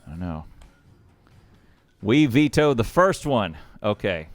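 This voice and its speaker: A man hosting and casting a game match on a live stream, chatty and quick to laugh. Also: on the low side, very animated, no room sound. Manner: chatty, with lots of laughs and restarts. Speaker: shoutcaster and match host. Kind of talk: casual live stream talk.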